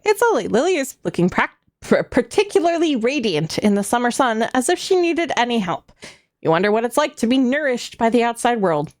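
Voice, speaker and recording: A woman's voice: fairly high pitch, big pitch swings, brisk. A woman streaming a game, reading its narration aloud with a wry, playful manner.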